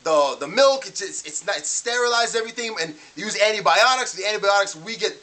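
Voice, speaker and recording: A vlogger with an expressive mid-range voice talks fast, pushed and bright, in a casual, exasperated rant full of disbelief, acting out their own past remarks as quotes.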